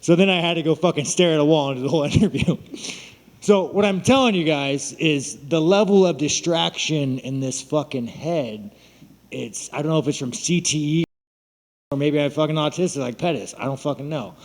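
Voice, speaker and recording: A man's voice: on the high side, normal speed, darkish tone. A man, a fighter at a media day, talking bluntly and mockingly to reporters and swearing constantly. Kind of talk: profane, boastful press scrum talk. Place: large room at a media event. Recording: long hall reverb.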